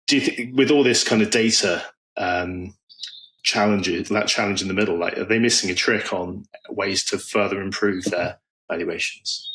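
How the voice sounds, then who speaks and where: A man's voice: deep voice, fairly bright tone, low-quality recording. A man hosting a podcast, asking thoughtful, meandering questions. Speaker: podcast host. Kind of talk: conversational podcast interview.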